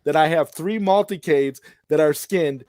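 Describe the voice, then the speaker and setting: A man's voice: on the high side, moderate pace, darkish tone, dry recording. A man hosting a late-night chat, talking casually and with enthusiasm, often repeating himself. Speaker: host.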